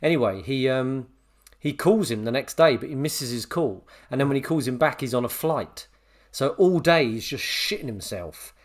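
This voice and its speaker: A man co-hosting a podcast, telling a story with lively re-enactments of a phone call. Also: medium pitch, moderate pace. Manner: animated storyteller, acts out both sides of a phone call. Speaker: podcast co-host. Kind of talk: casual chat, storytelling.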